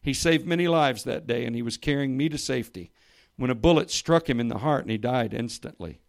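Guy preaching a sermon, reads a story out loud, gets loud on quotes then low and soft, mid-range voice. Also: a little fast, creaky. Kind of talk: sermon with a read-aloud story. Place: church or meeting room with listeners.

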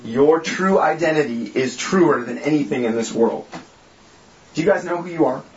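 He preaches to a small group as its leader, his voice on the high side and at normal speed, combining jokes with earnest sermon and prayer in an informal way. Slight background noise accompanies the echoey, slightly dull-sounding room.

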